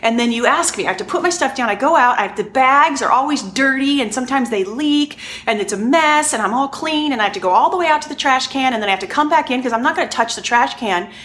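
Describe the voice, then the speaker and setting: A woman's voice: sits high, lively intonation, quick pace, hardly any pauses, fairly bright tone, pitched above the performer's own voice. A woman quoting her husband as he lists his complaints in an exasperated way. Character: her grumpy husband explaining himself.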